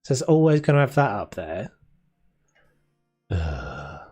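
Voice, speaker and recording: A man's voice: mid-range voice, sing-song, fast talker, dark tone. Young man, game streamer, rambling chatter, bouncy intonation, faint music behind. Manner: rambling, chatty, talks to chat and laughs often. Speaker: live streamer playing a renovation game. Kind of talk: casual gameplay commentary.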